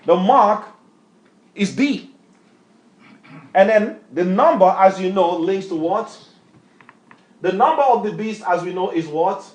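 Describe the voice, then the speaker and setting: A man's voice: high-pitched, expressive, takes it slowly, pauses often, a little mellow. A man preaching and teaching scripture, emphatic, quizzing his reader with repeated questions in a call-and-response style. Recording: echoey room.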